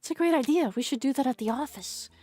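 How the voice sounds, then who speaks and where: A woman's voice: high-pitched, fast, mellow, dry recording. A woman voicing a cheerful, bubbly young female assistant, in a perky, raised voice.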